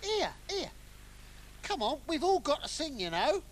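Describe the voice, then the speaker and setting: A performer voicing a hapless, excitable castaway lost at sea in a children's puppet comedy, swinging between calm and wailing panic. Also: sits high, a little slow, slight background noise. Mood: comic panic.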